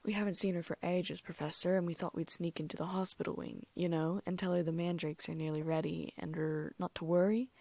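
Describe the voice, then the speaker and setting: A woman's voice: lowish voice, level tone, fairly quick, few pauses, a little mellow, no echo. A woman doing an earnest teenage schoolboy. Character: earnest teenage boy wizard student.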